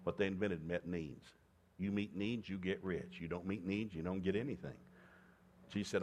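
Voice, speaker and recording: A middle-aged man preaching a sermon, mixing scripture readings with joking asides and loud whoops of laughter. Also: sits low, steady tone, moderate pace.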